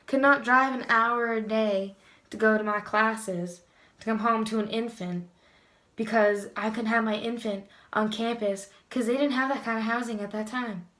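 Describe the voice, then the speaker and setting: A woman's voice: fairly high pitch, steady tone, normal speed, a bit bright, echoey room. Blunt, candid young woman vlogging. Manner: candid and blunt, swears casually. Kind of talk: casual confessional vlog.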